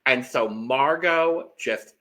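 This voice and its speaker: Here a podcast co-host speaks slowly in a mid-range voice while chatting casually through a reality show recap. Lively and expressive, he acts out what the contestants said.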